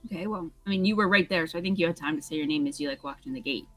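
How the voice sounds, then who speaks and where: A woman's voice: low-pitched, rapid-fire, dry recording, soft background music. A woman casually chatting and joking while playing a story game, laughing often. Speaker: game streamer. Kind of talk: casual let's-play chat.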